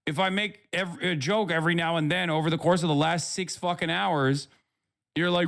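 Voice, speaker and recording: A man's voice: a little high, steady tone, normal speed, creaky, fairly bright tone. A man live-streaming, talking back to his chat in a sarcastic, profane, rambling way. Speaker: livestreamer.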